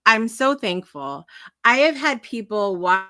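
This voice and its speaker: A woman hosts a live morning talk show in a loose, rambling way, full of fillers and quick laughs. Her voice is bright and forward. The sound is dry and close, with no room in it. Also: on the high side, big pitch swings, no room sound. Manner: chatty and rambling, with frequent fillers and asides; bubbly and emotional, laughing often. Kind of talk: casual live-stream chat.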